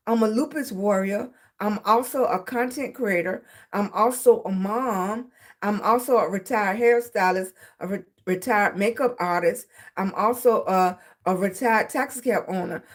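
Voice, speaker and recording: A middle-aged woman chatting casually on a livestream, emphatic and repetitive, often checking in with "right?" and "okay?". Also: fairly high pitch. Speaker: content creator.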